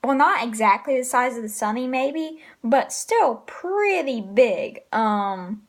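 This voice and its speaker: Woman, high and unhurried delivery, chatty manga reviewer, filler-heavy and giggly. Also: animated. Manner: rambling, full of ums and likes, laughs often. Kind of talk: casual spoken review.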